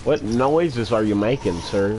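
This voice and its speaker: A young man putting on a gruff deep scolding voice. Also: over a noisy crowd, lightly acted. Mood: mock-stern. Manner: mock-stern, drawn-out lecturing. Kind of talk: joking voice chat while gaming.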